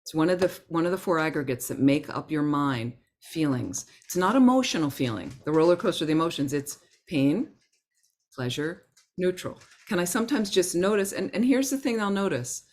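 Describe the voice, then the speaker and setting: A woman teaching a Buddhist class in a gentle, conversational way, acting out her inner thoughts as examples. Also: low voice, lively intonation, a little fast. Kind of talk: Dharma talk to a class.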